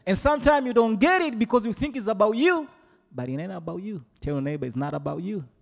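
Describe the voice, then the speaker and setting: A man preaching a sermon as pastor, animated and playful, often mimicking his congregation. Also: high-pitched, fast, gravelly. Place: large church hall. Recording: long hall reverb.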